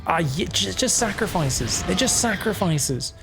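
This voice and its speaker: An Australian man giving solo commentary on a video game match, excitable and joking, with frequent swearing. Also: high voice, unhurried, gravelly, music in the background. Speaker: esports caster.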